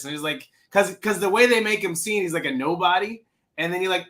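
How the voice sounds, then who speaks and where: A man co-hosting a casual movie review chat, animated and acting out scenes in little voices. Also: high voice, rapid-fire. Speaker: podcast co-host.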